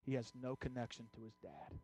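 A man's voice: mid-range voice, little pitch movement, fairly quick, mellow. A male pastor preaching a sermon, telling a personal story before urging the congregation with rising intensity. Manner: storytelling that builds to urgent exhortation.

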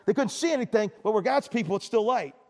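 Older pastor preaching in a reverberant hall. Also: male voice, high voice, animated, fast talker. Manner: storytelling, stammering restarts. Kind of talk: sermon.

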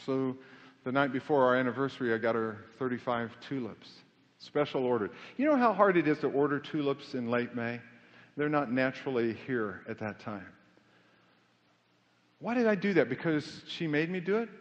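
In a church sanctuary, a middle-aged male pastor preaches a sermon, conversational and self-deprecating, building to fervent emphasis. His medium-pitched voice is expressive and moderately paced. The sound is muffled, with long hall reverb.

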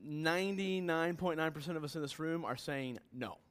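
High-voiced preacher with loud bursts. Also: male voice, normal speed, clean tone. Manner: earnest, questioning, rises to loud emphatic bursts. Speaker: pastor. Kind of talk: sermon. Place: church hall with congregation.

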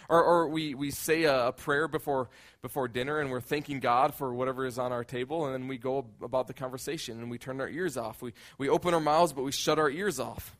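A man's voice: medium pitch, steady tone, fairly quick, few pauses, fairly bright tone. Man preaching a conversational sermon. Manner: conversational, repeats words when building a point. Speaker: pastor.

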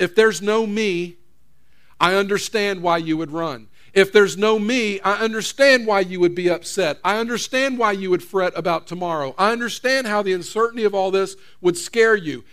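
A preacher voicing God as a patient male figure who speaks in a calm, matter-of-fact, reassuring way. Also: high-pitched, moderate pace. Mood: earnest.

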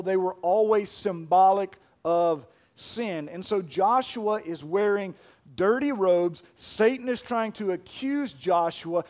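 A male pastor delivers an emphatic sermon in a high voice for a man. He drives his points home by repeating key lines. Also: a little mellow.

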